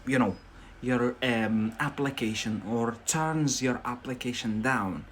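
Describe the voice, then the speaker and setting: A man's voice: mid-range voice, slight background noise. A British man running a casual live English lesson, chatty and jokey, often breaking into laughter. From Britain.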